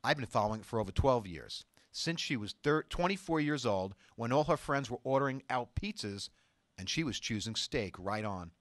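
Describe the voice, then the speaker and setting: A man hosting a studio talk show as a doctor, speaking with emphatic insistence. His voice sits at an ordinary middle pitch, and the sound is close and dry. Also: lively intonation, moderate pace, a bit bright, no echo. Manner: emphatic and insistent, reads viewer emails aloud.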